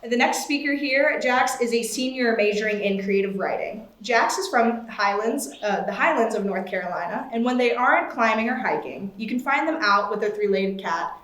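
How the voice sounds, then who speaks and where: A woman's voice: on the high side, expressive, moderate pace, hardly any pauses, fairly bright tone, echoey room, low-quality recording. A woman hosting a live event on stage, chatting as she introduces each speaker. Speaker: event emcee.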